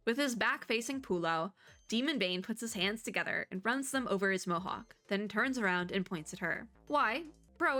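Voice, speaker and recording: A woman's voice: medium pitch, sharp tone. A woman VTuber reading a game story aloud, with chatty, giggly, playfully sarcastic commentary.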